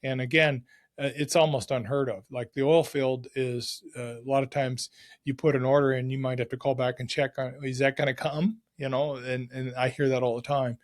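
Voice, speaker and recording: A middle-aged man, a podcast guest, telling stories from his working life in a casual, excited and energetic way. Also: mid-range voice, moderate pace. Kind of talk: casual storytelling.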